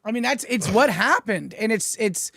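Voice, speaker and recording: A man's voice: sits high, expressive, moderate pace, vocal fry, bright, forceful tone, no room sound, clean studio sound. A man hosting a livestream, introducing the topic in a rambling, hesitant way full of fillers. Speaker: host. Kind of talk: livestream commentary.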